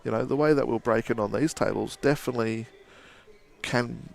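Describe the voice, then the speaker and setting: An Australian man, a young adult, giving casual live pool commentary with relaxed banter and frequent laughs. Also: mid-range voice, moderate pace, gravelly.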